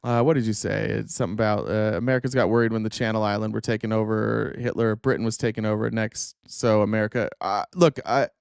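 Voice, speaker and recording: A man's voice: lowish voice, vocal fry, smooth, no room sound, clean studio sound. Sarcastic man commenting on a stream. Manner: sarcastic, animated. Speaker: streamer host.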